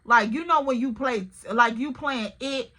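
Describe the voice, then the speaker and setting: A woman's voice: a little high, measured pace, bright, forceful tone. A woman telling a personal story to her viewers in a candid, emotional, casual way, often calling the listener "girl". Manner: casual, repeats "like" and "literally". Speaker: storytime vlogger.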